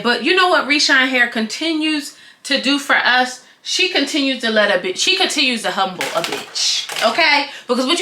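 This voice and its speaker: Sassy, high-pitched woman vlogger. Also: bright, forceful tone, reverberant. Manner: sassy, dramatic, swearing, laughing often. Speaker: beauty vlogger reviewing a wig. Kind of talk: excited casual vlog review.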